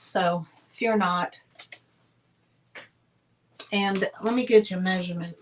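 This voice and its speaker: Slow-talking chatty woman. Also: mid-range voice, steady tone, slight background noise, poor audio. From northern United States. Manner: chatty, gushing, talks to viewers directly. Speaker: online seller hosting a live sale. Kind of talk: casual live sale chat.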